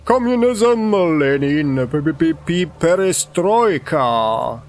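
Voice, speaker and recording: A man voicing a nervous male clerk in a game who blurts out shouted words and then apologizes meekly. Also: fairly high pitch, normal speed, natural voice. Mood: shouting outburst.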